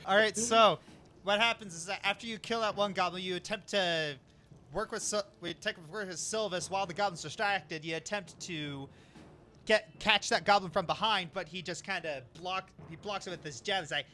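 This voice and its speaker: Playful high-voiced game master man. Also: moderate pace, pushed and bright, slight background noise. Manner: chuckling, playful. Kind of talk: narrating a tabletop game.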